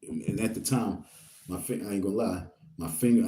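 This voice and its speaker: A man's voice: lowish voice, a little fast, warm tone. A man from Queens, rambling through a story in street slang and reading viewer comments to his audience. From Queens, New York. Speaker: vlogger.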